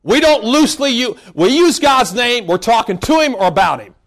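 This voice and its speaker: Male preacher, very high voice, emphatic, scolding sermon, bursts into shouts. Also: expressive, moderate pace.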